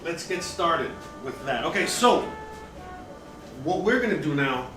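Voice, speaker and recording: A man's voice: on the high side, expressive, unhurried, over music. A man hosting a casual live cooking demo, chatty and easily distracted as he talks while he works in his home kitchen. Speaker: cooking show host. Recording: roomy echo, mic far off, background noise.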